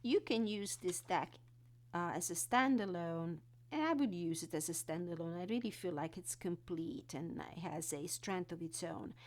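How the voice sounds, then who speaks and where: A woman walking through an oracle card deck, reading card texts and explaining them in an unhurried way. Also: fairly low pitch. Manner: unhurried, reads card text then explains with fillers.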